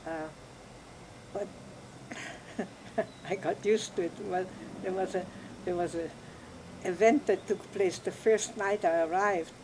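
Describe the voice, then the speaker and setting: An older woman telling her life story in an interview, reflective and unhurried, often laughing softly as she talks. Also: medium pitch, steady tone, noisy background. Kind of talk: oral history recollection.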